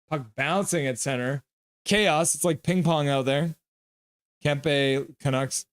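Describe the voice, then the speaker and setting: A man streaming live reactions to a hockey game, calling plays in quick clipped bits between offhand chat remarks. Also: mid-range voice, no echo. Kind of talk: casual live play-by-play commentary.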